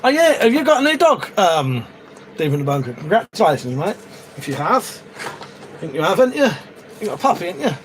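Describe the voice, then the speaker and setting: A man with a slightly raised pitch, talking casually on a live stream from a shed. He rambles, swears offhandedly and chats to his viewers. Faint ambience hums behind him. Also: big pitch swings, fast talker, a little hiss or hum. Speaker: livestream host. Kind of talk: casual live-stream chat while crafting. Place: shed, outdoors.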